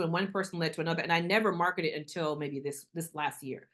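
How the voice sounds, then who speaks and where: A middle-aged woman, a guest in a casual interview, telling her story with animated delivery and acting out the voices of people she quotes. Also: low-pitched, fast.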